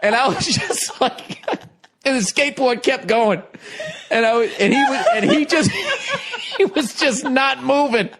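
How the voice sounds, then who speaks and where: High-voiced man telling a story, laughing. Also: normal speed, background noise. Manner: laughs through the story, swears freely, animated sound effects. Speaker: podcast host. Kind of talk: casual storytelling chat.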